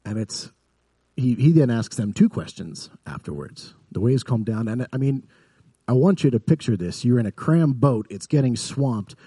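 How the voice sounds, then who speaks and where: A man preaching a sermon in an earnest way, building up to vivid emphasis and then dropping soft. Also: medium pitch, animated, moderate pace, slightly rough, no room sound. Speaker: pastor.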